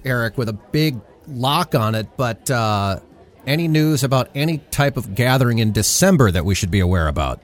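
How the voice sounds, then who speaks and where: A man's voice: medium pitch, animated, moderate pace, faint music behind. A man co-hosting a podcast, asking easygoing, joking questions in casual chat. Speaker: podcast co-host.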